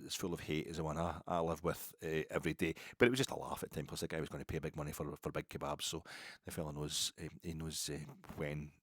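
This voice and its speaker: A man's voice: a bass voice, little pitch movement, fast talker, no room sound, studio quality. A middle-aged Glaswegian man chatting casually as a football podcast host, rambling and jokey with many asides. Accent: Glaswegian Scottish. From Scotland. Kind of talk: casual storytelling chat.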